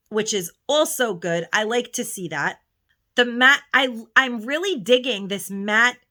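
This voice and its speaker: A woman's voice: on the high side, sharp tone. A woman beauty vlogger chatting casually at home through a haul, gushing about lipsticks and often restarting her sentences. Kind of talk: casual haul video chat.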